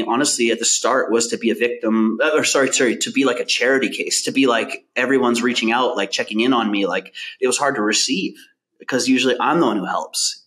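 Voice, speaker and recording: A man's voice: medium pitch, a bit bright. A young man from Canada telling his story as a podcast guest in a loose, casual way, full of filler words.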